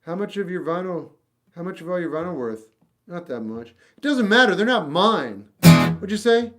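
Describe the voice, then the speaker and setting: A man hosting a casual livestream, reading chat questions and giving blunt, off-the-cuff opinions. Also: high voice. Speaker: livestream host answering chat. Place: home room with a record collection.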